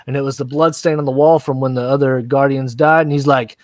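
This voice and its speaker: An American man hosting a casual recap chat, rowdy and swearing, acting out scenes in quick voices. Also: mid-range voice, fairly even intonation, no room sound. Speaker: podcast host recapping a show.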